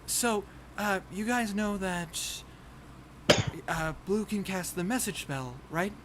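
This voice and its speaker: A man's voice: high-pitched, heavy background noise, voice pushed up. A man doing a hesitant young woman adventurer. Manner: hesitant, halting with filler sounds.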